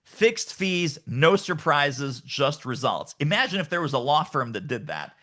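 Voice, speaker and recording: Middle-aged male podcast guest, emphatic and lively, bright tone, pitched a touch high. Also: unhurried. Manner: emphatic, animated, acts out quoted voices. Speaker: guest author and sales coach. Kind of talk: energetic podcast interview.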